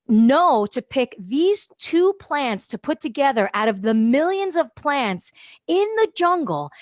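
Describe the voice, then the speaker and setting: Casting: animated woman storyteller, radio guest, a bit high, dry close sound. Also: no room sound. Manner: lively, laughs often, acts out quotes. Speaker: guest, holistic wellness practitioner. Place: radio studio.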